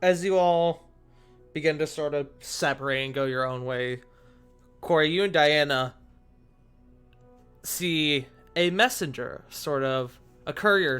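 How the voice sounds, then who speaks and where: A man's voice: on the high side, measured pace, a bit bright, clean tone, faint music behind. A man narrating a tabletop role-play as game master, rambling and hedging with filler words. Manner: rambling, full of fillers like "sort of".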